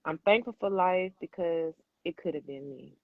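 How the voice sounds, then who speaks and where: A woman's voice: on the low side, moderate pace, dry recording, narrow, tinny audio. A woman hosting a podcast, talking candidly and emphatically, swearing freely and calling the listener baby. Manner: addresses listener as baby and boo. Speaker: podcast host.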